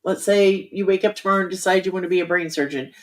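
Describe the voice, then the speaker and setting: A woman's voice: on the low side, fast talker. A middle-aged woman author chatting candidly and casually with her audience about writing, with frequent ums. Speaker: author hosting a writing livestream. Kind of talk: casual chat.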